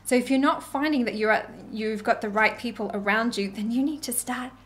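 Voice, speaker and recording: A woman talking casually to camera as a spiritual coach, giving an animated tarot reading and acting out quoted voices. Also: a little high, brisk.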